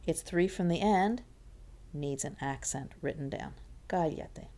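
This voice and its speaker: A woman's voice: low-pitched, a little slow, warm tone, slight background noise. A woman teaching a Spanish lesson, patiently repeating words to model their stress. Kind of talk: classroom lesson explanation.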